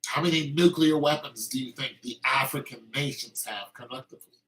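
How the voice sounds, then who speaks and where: Forceful, heated talking man. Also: mid-range voice, fairly quick, slight background noise, rough recording. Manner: heated and emphatic, with frequent restarts. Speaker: podcast host. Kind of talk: opinionated casual monologue.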